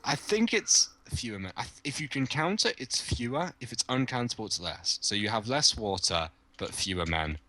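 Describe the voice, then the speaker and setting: A man's voice: medium pitch, expressive, normal speed, few pauses, pushed and bright. A man with a Northern English accent chatting casually and jokingly on a gaming podcast, playing with silly accents. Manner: jokey, trying silly accents. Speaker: guest.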